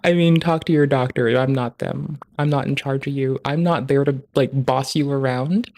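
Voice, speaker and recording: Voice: steady tone, normal speed. Foul-mouthed ranting streamer. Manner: profane, ranting, crude jokes; rising loud and high in outbursts. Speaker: livestreamer. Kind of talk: casual stream commentary.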